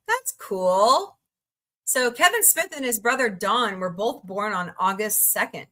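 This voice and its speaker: A woman from the United States hosts a casual live stream, reacting aloud as she reads the news and greets her viewers. Her voice has a bright, forward edge, and she takes her time with every phrase. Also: medium pitch, lively intonation, slow pace, pauses often. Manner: chatty, reacts aloud while scrolling, frequent laughs. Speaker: livestream host. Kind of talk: casual live chat, reading headlines.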